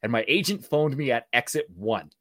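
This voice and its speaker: A man with a Canadian accent, a guest telling stories in casual talk, animated and acting out voices as he goes. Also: mid-range voice, normal speed, no echo. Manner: animated, acts out voices in anecdotes. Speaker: guest, actor and speaking coach. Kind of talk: casual storytelling.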